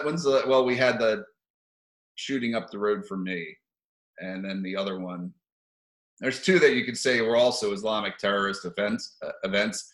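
A man's voice: on the low side, fairly bright tone, echoey room, low-quality recording. A man giving rambling, profane opinion commentary for his video channel, sardonic and given to chuckling asides.

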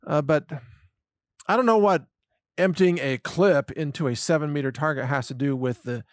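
A man's voice: on the high side, moderate pace, dry recording, clean studio sound. A man giving a solo commentary monologue, sarcastic and mocking, with scoffing laughs. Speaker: political commentator.

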